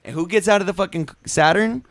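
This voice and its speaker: A man, a podcast co-host, telling a story in casual, profane, animated style, laughing often and acting out the shouts of the people in it. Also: sits high, quick pace, no echo.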